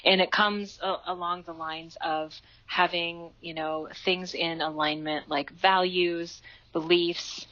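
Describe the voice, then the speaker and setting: A woman speaks earnestly as a podcast guest, her voice bright and fairly low-pitched. She shares heartfelt advice, and the recording is dull and lo-fi. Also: steady tone, slow pace. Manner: heartfelt, earnest, many fillers like "you know". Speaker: interview guest, life coach. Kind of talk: podcast interview, reflective advice.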